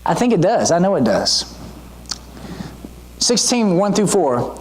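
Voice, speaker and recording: A man preaching a sermon in a conversational, animated way, often checking in with his listeners. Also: high voice, measured pace, a little hiss or hum. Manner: conversational, asks the audience questions; animated teaching delivery with frequent asides.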